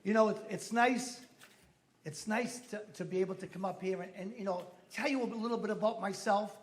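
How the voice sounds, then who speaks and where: A man's voice: high voice, a little fast, slight background noise. A middle-aged man doing a stand-up routine, telling punchy stories with sudden exclamations and swearing. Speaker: stand-up comedian. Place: comedy club stage.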